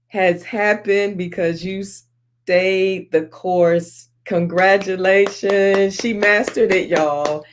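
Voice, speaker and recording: A middle-aged woman hosting a live-streamed talk show, encouraging and preachy, greeting viewers by name with call-and-response phrasing. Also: fairly low pitch. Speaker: host.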